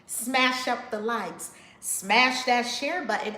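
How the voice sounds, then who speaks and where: A woman hosting a casual livestream, greeting viewers by name in an effusive way, with big swoops in pitch and loudness. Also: slow pace, echoey room, a little hiss or hum. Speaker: livestream host.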